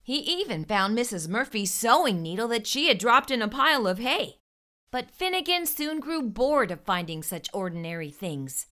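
A woman hosts a children's storytime and reads a picture book aloud with expressive narration. Her voice is bright and fairly high, and it moves up and down in a lively way. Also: normal speed. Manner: warm expressive read-aloud. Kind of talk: read-aloud storytelling for kids.

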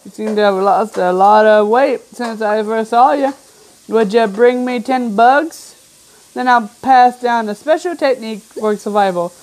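A woman playing a video game and narrating as she goes, reading the on-screen text aloud in a somewhat high voice. She talks in an easy, offhand way and drifts into asides. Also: a little slow, a little mellow. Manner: chatty and offhand, trailing into asides. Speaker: gamer.

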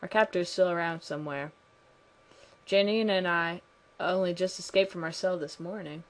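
A woman reading as a calm, cryptic prisoner. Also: lowish voice, moderate pace, natural voice. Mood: measured.

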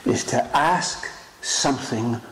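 A man preaching a sermon in an emphatic, dramatic style, swinging between loud rises and hushed lines. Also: mid-range voice, slow pace. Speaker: pastor. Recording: echoey room with faint noise.

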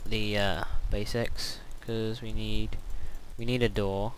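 A man's voice: on the low side, level tone, slow, a little hiss or hum, rough recording. A sleepy man giving casual gameplay commentary, hesitant and rambling with many fillers. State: sleepy, yawning.

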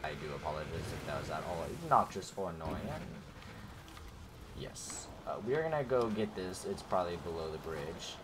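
A man's voice: sits low, animated, normal speed, noisy background. A man casually commenting over gameplay as a gaming YouTuber, rambling and chatty with many fillers, talking straight to his viewers. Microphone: desk microphone.

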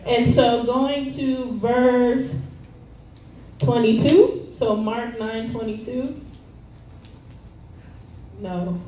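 Her voice sits on the high side with a dark tone, and she speaks very slowly with long pauses. She preaches casually in a church hall using slangy, everyday language, lots of fillers and ready laughter. The recording is echoey, distant from the mic and faintly noisy.

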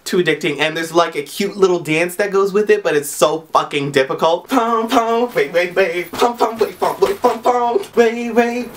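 A young man answers viewer questions in a casual vlog. He is sassy and foul-mouthed, and his voice leaps up and drops low to punch his jokes. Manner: sassy, profane and very expressive; big swings in pitch for emphasis. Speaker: vlogger.

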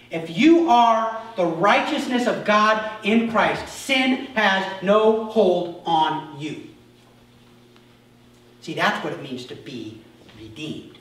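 High-voiced, slow-preaching male pastor, emphatic, distant mic in a very echoey church. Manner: emphatic, drops to soft asides then rises sharply. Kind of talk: sermon. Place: church sanctuary. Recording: echoey church hall from far off.

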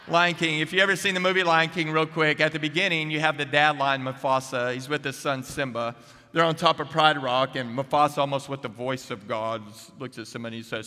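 A man preaching a chapel sermon, energetic and humorous, who keeps putting questions to the crowd. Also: a little high. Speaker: guest preacher. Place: seminary chapel. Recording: echoey chapel hall.

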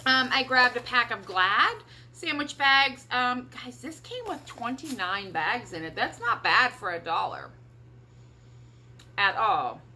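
Bright chatty Midwestern woman vlogger. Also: fairly high pitch, lively intonation, slow, a little hiss or hum. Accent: American Midwest. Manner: chatty, upbeat, rambling with fillers. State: talking around a cough drop. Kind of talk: casual haul chat.

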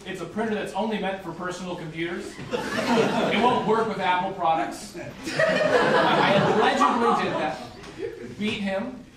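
A man performing live improv comedy, deadpan and matter-of-fact. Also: fairly high pitch, noisy background. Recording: echoey hall from far off, loud audience.

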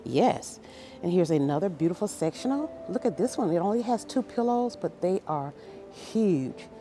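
A woman's voice: lowish voice, expressive, moderate pace, music in the background. A woman vlogging as she walks through a furniture store, gushing over each piece in a casual, enthusiastic way. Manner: gushing, enthusiastic, exclaims often. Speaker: shopping vlogger. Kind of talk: casual store walkthrough vlog. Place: large furniture store, indoors.

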